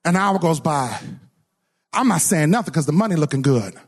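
A middle-aged man preaching a sermon, animated, telling a story and acting out the voices in it, often repeating and restarting words. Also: fairly high pitch, normal speed, husky.

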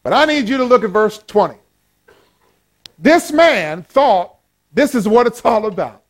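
A high-pitched male pastor delivering a lively sermon. He swings between loud, excited exclamations and quiet asides, and he jokes with the congregation as he goes. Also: measured pace. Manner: playful, joking with the congregation.

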